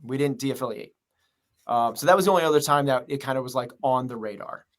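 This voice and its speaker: Speaking fast in a medium-pitched voice, this man, who owns a gym and coaches, rambles earnestly through a podcast interview, his answers packed with filler words.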